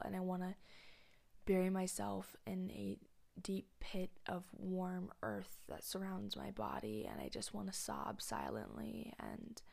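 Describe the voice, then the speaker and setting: Blunt, gravelly-voiced young woman podcaster. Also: medium pitch. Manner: blunt, profane and rambling, often dropping to a soft near-whisper. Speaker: podcast host. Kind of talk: candid confessional monologue.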